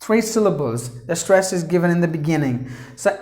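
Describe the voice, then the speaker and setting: A man teaching English pronunciation, breaking words into syllables and repeating them deliberately. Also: fairly high pitch, expressive, a little mellow, reverberant. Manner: repeats words for emphasis, many fillers. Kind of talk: pronunciation lesson.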